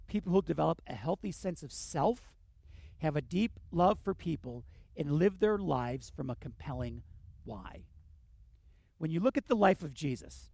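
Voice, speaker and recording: A male pastor preaches with earnest emphasis, rising to forceful bursts and dropping to hushed, quiet points. His voice sits high for a man, with a gravelly texture. The sound is dry and close. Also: dry recording. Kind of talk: sermon.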